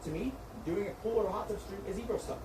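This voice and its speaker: A man's voice: high voice, fast talker. A man in a heated argument, lecturing and swearing as he insists on his own point. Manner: berating, profane, lecturing. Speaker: streamer's manager. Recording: echoey room from far off, faint noise.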